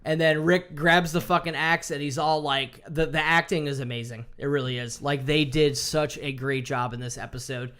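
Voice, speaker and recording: A man in casual chat, excitedly recapping a TV episode, swearing often and acting out the characters' lines. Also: fairly high pitch, moderate pace, few pauses, smooth. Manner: excited, swears a lot, acts out quotes. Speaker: podcast co-host.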